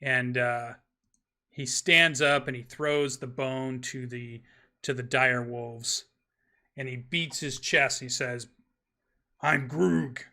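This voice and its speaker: Man, game master, improvised tabletop narration, rambling, hesitant, bright voice. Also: mid-range voice, level tone, slow pace. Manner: rambling, hesitant with many fillers. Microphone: streaming microphone.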